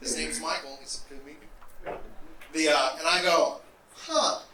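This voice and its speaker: A man doing a stand-up comedy set on stage, delivering deadpan setups with wry asides. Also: fairly high pitch, normal speed, a crowd in the background. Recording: roomy, distant live club recording with noise.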